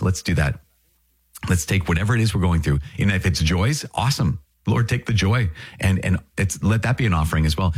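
A middle-aged man, a priest, giving an earnest, animated talk with lively self-mocking asides. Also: low-pitched, husky. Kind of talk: podcast homily and video talk.

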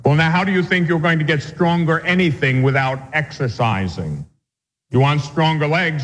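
Priest lecturing in a reverberant hall. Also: male voice, on the high side, animated. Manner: deliberate, reads text aloud then explains it with stories. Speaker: Catholic priest teaching a catechism class. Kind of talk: classroom lecture on religious doctrine.

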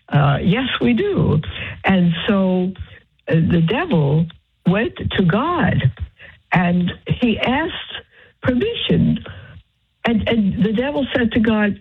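A nun who is unwell and short of breath makes a halting, pleading fundraising appeal over the phone from her bed. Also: fairly low pitch, very animated, slightly rough. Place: lying in bed in her convent cell. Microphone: phone line. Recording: tinny phone line.

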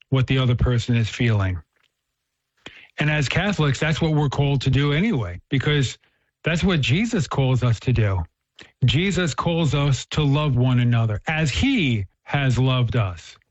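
A man's voice: medium pitch, no echo. Earnest Catholic man telling a story, dull dry sound. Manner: earnest storyteller, restarts phrases, acts out quotes. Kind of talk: casual conversational talk.

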